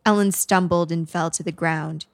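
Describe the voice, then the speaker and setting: A female narrator tells a spooky comic tale in a fairly low, wry, matter-of-fact voice. The sound is dry and close. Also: fairly even intonation, normal speed, no room sound. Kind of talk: storytelling narration.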